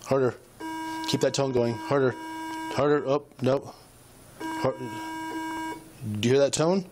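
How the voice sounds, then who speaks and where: A male police officer recorded on a body camera, talking at a middling pitch as he patiently coaches a breath test with short, repeated commands. The audio is noisy, with a clear hiss and room sound under his voice. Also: steady tone, a little slow. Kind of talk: bodycam breath test instructions.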